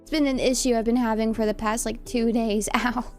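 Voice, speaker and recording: A young woman with a Californian accent chats casually with her live viewers, reading their comments and being giggly and self-deprecating. Her voice is a little high and steady, she talks a little fast, and soft music plays in the background.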